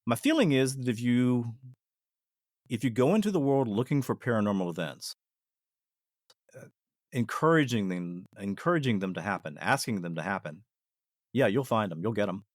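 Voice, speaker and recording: A man's voice: mid-range voice, animated, normal speed, pauses often, no room sound, studio quality. A man, a podcast guest, telling stories in a casual, reflective way with frequent restarts. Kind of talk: casual storytelling.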